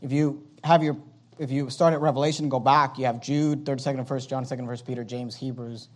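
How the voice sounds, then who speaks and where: A man preaching a sermon, reading King James scripture aloud and acting out the complaints of the people in animated voices. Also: mid-range voice, fairly quick. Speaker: pastor.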